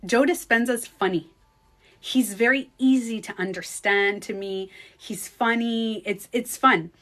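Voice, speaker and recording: A woman vlogger telling a personal story in casual chat, animated and swearing freely. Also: fairly high pitch, measured pace. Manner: animated, swears freely, acts out quoted speech. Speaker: beauty coach vlogger.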